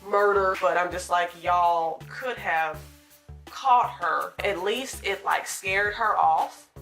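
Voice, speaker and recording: Animated woman telling a storytime vlog. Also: fairly low pitch, slow pace, soft background music. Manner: animated, dramatic retelling with acted-out quotes. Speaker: retail store worker.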